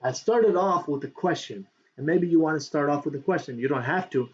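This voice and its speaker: A man's voice: a little high, fairly quick. Chatty man coaching with a dull lo-fi sound. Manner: chatty, repetitive, keeps asking "right?"; animated, reaching around for books while talking. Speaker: affiliate marketing coach. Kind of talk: casual on-camera tutorial. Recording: dull lo-fi sound with faint background noise.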